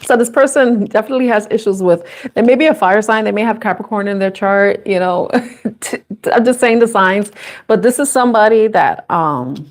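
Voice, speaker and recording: A woman's voice: mid-range voice, animated, a little fast. A young adult woman doing a live intuitive tarot reading, chatty and casual, laughing often and swearing freely. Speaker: tarot reader.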